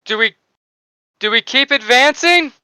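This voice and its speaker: A jittery soldier stammers out a report over the comms, voice pushed well up in pitch, as a game master puts him on. He halts and hesitates between every phrase. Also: expressive, pushed and bright, clean tone, no room sound, studio quality, heavily acted. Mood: anxious. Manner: hesitant, halting. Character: nervous male radio soldier.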